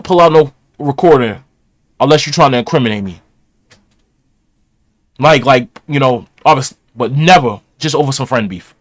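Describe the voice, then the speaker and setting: A man's voice: fairly high pitch, no echo. Opinionated man with a dry close voice. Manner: opinionated, emphatic. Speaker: streamer reacting. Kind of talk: casual commentary.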